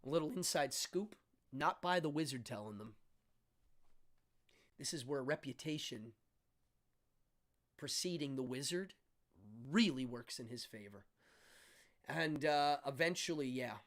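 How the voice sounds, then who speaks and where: A middle-aged man hosts a live stream, talking in a loose, slangy, easygoing way. His pitch sits in an ordinary middle range, and he calls out to his audience like old friends. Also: a little slow, pauses often. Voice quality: laid-back, slangy, with frequent ums and uhs. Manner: upbeat sign-off, shouting out viewers by name. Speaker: host. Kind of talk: casual live-stream chat.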